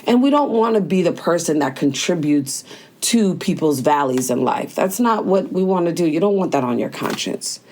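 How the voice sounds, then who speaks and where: Casual lower-voiced woman giving daily advice. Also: animated, moderate pace, a little mellow. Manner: casual, conversational, slangy, talks straight to listener. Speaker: host. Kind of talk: motivational daily talk.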